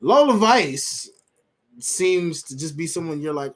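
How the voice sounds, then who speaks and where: A man co-hosting a wrestling podcast with a somewhat high voice. He talks casually in slang. He acts out lines in voices as he goes. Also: measured pace. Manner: animated, slangy, acts out quotes in funny voices. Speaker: podcast co-host.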